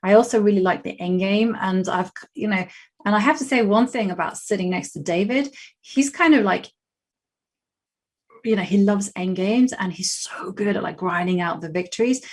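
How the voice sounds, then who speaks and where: A woman's voice: medium pitch, normal speed, a little mellow. A young adult woman with a West London English accent, chatting casually and laughing often while she plays chess on a live stream and thinks aloud. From England.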